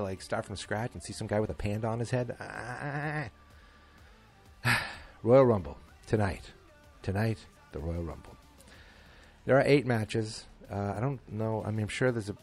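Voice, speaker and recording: A middle-aged man with a lowish voice hosts a casual chat show, rambling through his thoughts with plenty of ums and dry, self-mocking humor. Faint music plays underneath him. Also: darkish tone. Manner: rambling, wry, self-deprecating, many fillers. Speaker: podcast host.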